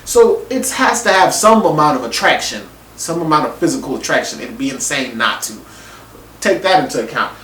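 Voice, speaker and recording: Lively guy ranting about a tv episode, mid-pitched voice that jumps around, roomy echo, mic kinda far off. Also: brisk, a little hiss or hum. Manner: animated, acts out reactions, casual slangy talk. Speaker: TV show reviewer. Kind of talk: casual opinion monologue. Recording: echoey room, mic at a distance.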